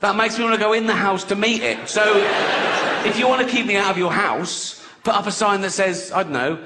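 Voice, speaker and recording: A man's voice: high-pitched, brisk, very noisy. A man doing a stand-up comedy routine, sardonic and profane in a chatty way.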